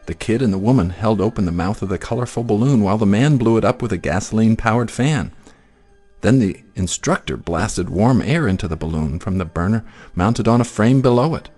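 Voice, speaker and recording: A man reading a children's picture book aloud in an expressive, sing-song storytelling manner. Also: on the low side.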